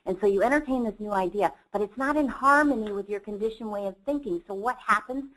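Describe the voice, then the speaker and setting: A woman's voice: medium pitch, fast talker, fairly bright tone, rough recording. A woman who runs the company gives a motivational webinar talk in an earnest, enthusiastic storytelling manner. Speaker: company CEO presenter.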